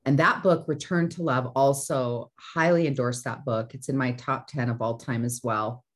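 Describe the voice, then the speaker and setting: Woman, very low voice, earnest host, motivational talk, repeats "right?". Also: steady tone, moderate pace. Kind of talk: motivational teaching chat.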